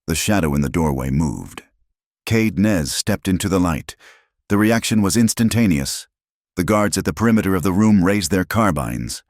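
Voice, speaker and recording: A man narrates a frontier tale with dramatic, measured pacing. His voice sits very low, recorded dry and close with no room sound. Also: expressive, a little mellow, no room sound. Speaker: storyteller. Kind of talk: scripted audiobook narration.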